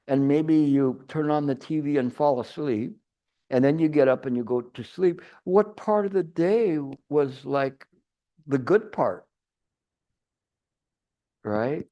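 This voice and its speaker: A man's voice: fairly high pitch, warm tone, lo-fi sound. A man giving a Chan meditation teacher's retreat dharma talk, rambling and restarting, with playful everyday examples. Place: retreat hall.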